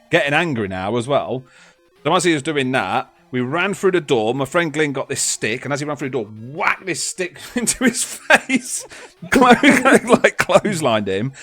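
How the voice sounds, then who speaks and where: A man's voice: medium pitch, fairly bright tone. A man, a podcast co-host, telling rambling stories in casual chat, laughing and swearing as he goes.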